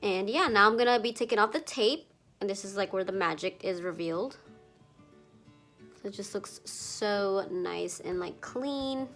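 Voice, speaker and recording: Unhurried and a bit bright, a young woman's mid-range voice narrates a makeup tutorial as faint music plays. The beauty vlogger is chatty, mildly congested from allergies, fills her talk with "like," and swears casually.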